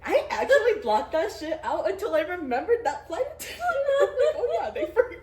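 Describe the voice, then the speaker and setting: A woman's voice: very high voice, big pitch swings, fairly quick, darkish tone, roomy sound, far from the mic, a little hiss or hum. A young woman co-hosting a podcast, telling a story in casual chat and laughing often. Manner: giggly, storytelling with lots of laughter. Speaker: podcast co-host.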